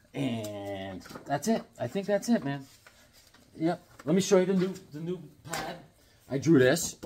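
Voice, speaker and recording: Holding up his comics and sketches, a collector rambles casually to the camera, easygoing and prone to chuckling asides. He speaks at a medium pitch with a darkish tone, and there's a faint hiss or hum on the recording.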